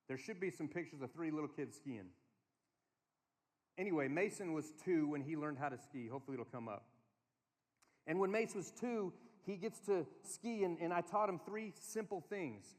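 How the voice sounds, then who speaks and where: A man preaching to a conference crowd, telling family stories in an animated way and giving the room instructions. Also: fairly high pitch. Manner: storytelling, animated, quotes his kids in a small voice. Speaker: speaker. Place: large hall. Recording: long hall reverb.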